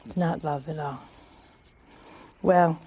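A woman preacher delivers a homely, humorous sermon at an unhurried pace. Her voice has a gravelly grain. She keeps turning to her listeners with teasing rhetorical questions. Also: low-pitched, steady tone, dark tone, slight background noise. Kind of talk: conversational sermon.

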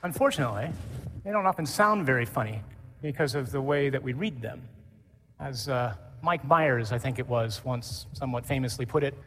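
A man preaching as a priest to a conference, lively and animated, mimicking voices for effect. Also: mid-range voice, moderate pace. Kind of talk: conference sermon. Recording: hall reverb.

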